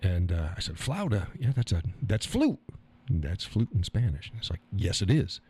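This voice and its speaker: His voice is low, husky, and dark, with a sing-song lilt at normal speed. He's hosting a live stream, rambling, chuckling, and cracking profane jokes as he goes through viewer comments casually.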